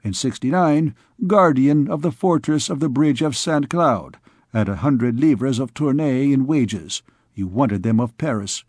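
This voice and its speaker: A man's voice: medium pitch, animated, unhurried, darkish tone, no room sound, clean studio sound. A man voicing an anxious, stingy medieval king who snaps querulously, in an audiobook reading. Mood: dry. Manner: querulous, peevish outbursts.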